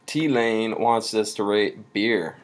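A man's voice: on the low side, steady tone, slow. A man co-hosting a podcast in casual chat, laid-back and joking, often laughing. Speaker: podcast co-host.

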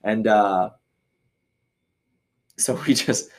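A man with a somewhat low voice from Michigan tells a story on his podcast. He talks in a loose, rambling way, full of fillers and restarts, and he acts out other people's voices when he quotes them. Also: drawn-out words. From Michigan, USA. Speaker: podcast host. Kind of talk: casual storytelling.

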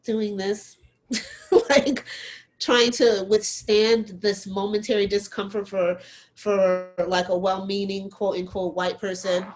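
A woman talks in a candid, animated way as a guest, laughing often and circling back through her sentences. Her voice sits at an ordinary middle pitch for a woman. She keeps the flow personal and expressive. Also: slow, low-quality recording. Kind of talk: candid conversation.

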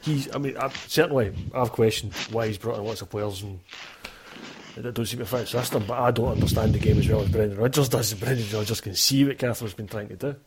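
Fast-talking opinionated Scottish man. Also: fairly low pitch, a little hiss or hum. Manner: chatty, opinionated, many restarts. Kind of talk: casual football chat.

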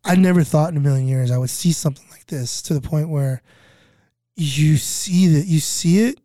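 A man's voice: on the high side, moderate pace, mellow, no room sound, clean studio sound. A middle-aged man from California telling a story in casual chat, rambling and repeating himself, acting out other people's voices. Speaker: guest recounting flood relief work.

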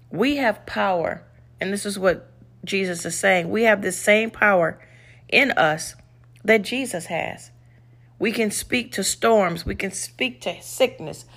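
A woman's voice: mid-range voice, fairly bright tone. A woman reads scripture aloud and then breaks off to teach on it. She speaks in an earnest, conversational way and leans hard on her key points. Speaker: devotional podcast host. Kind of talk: scripture reading and devotional teaching.

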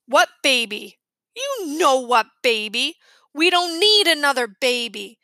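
A woman voicing an angry ten-year-old boy who shouts his indignant protests in a storybook reading. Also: high-pitched, big pitch swings, slow pace, no echo, clean studio sound, full character voice. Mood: sulky.

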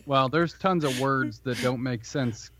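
A man's voice: mid-range voice, unhurried, noisy background. A man chatting casually on a podcast, talking loosely with lots of fillers. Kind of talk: casual chat. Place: Illinois.

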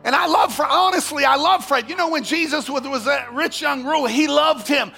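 Gravelly high-voiced preacher man. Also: fairly quick, few pauses, soft background music. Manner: animated storytelling, swings from hushed to shouting. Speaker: pastor. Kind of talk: sermon.

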